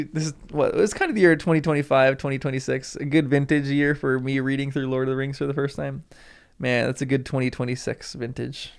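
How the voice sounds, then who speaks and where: A man's voice: medium pitch, creaky, clean tone. A man hosting a live stream, chatting emotionally with viewers and reading from a book aloud.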